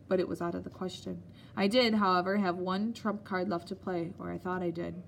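A woman narrating an audiobook in a steady, measured storytelling manner. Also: lowish voice, creaky, a little hiss or hum.

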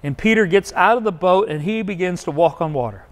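Male pastor, high voice, conversational sermon, long hall echo. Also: a little fast. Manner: conversational preaching with many restarts and acted-out quotes. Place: church sanctuary.

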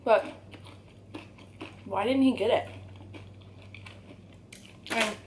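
A woman's voice: on the high side, drawn-out words, a little mellow, slight background noise. A young woman in her twenties telling an emphatic, candid story to camera for her channel while eating at home. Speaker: YouTuber.

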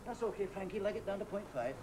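A wry Scottish factory hand. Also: male voice, high voice, lively intonation, fast talker. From Scotland. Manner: teasing, ironic, fond of fancy words. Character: wry, well-read Scottish factory worker, older man. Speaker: factory worker and union man. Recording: hissy old television broadcast.

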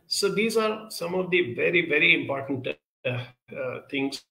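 A man's voice: on the high side, animated, unhurried, creaky, sharp tone, echoey room. A man giving a counselling talk, answering audience questions in an earnest, advisory way with frequent hesitations.

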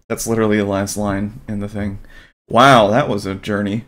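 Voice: low voice, steady tone, moderate pace, a bit bright. A game streamer from Virginia giving casual, chatty commentary while playing, sometimes talking to the characters.

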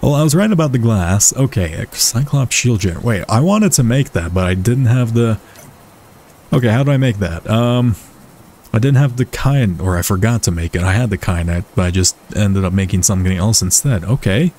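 A man's voice: fairly low pitch, expressive, fairly quick, a little mellow, slight background noise. A man giving casual, chatty commentary over his own gameplay, swearing freely and talking to the creatures on screen, from a desk mic. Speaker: let's play gamer.

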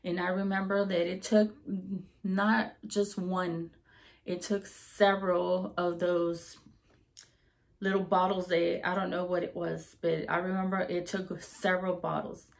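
A woman who managed a hair salon, telling a personal story in a casual, animated way and acting out the voices she quotes. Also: lowish voice, measured pace, vocal fry.

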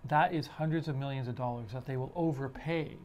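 A man's voice: mid-range voice, a little mellow. Man co-hosting with a mid-range voice. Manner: halting, many fillers and restarts while building a point. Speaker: podcast co-host. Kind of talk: casual discussion podcast.

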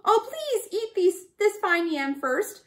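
Woman doing a squeaky little bush rat. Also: big pitch swings, slow, fairly bright tone, exaggerated voice. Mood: pleading. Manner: squeaky, pleading. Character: small squeaky male bush rat, pleading.

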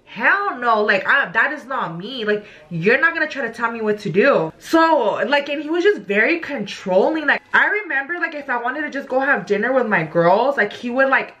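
A young woman talks straight to her viewers with a bright, forceful edge in her voice. Her speech sits a little high, and she tells the story loosely, swearing and saying "like" a lot. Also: moderate pace, hardly any pauses, highs cut off. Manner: animated, profane, full of "like". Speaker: vlogger. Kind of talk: casual storytime.

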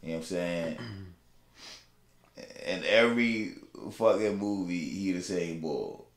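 A man's voice: low-pitched, a little slow. A man co-hosting a podcast in casual chat, laid-back and slangy, drawing out his emphasis. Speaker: podcast co-host. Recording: roomy echo.

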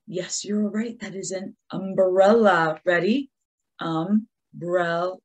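A woman teacher giving an encouraging lesson to young children, talking to them in an animated way. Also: mid-range voice, slow pace, breathy edge.

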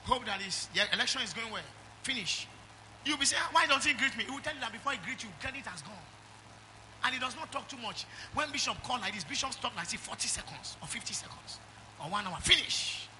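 A middle-aged Nigerian-accented man preaching a sermon in church, calling out to the congregation and swinging from loud exhortation to quiet asides. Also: very high voice, expressive, brisk, slight background noise. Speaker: pastor.

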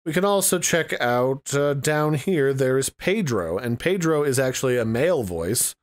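Speaking at a normal speed with lively intonation, this medium-pitched tutorial host talks through a casual screen recording. His explanations ramble conversationally as he thinks out loud.

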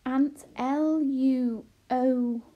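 A woman reading aloud, voicing an eager, bold tiny girl who asks excited, breathless questions. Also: sits high, a little slow, husky, lo-fi sound, pitched above the performer's own voice, exaggerated voice. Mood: puzzling.

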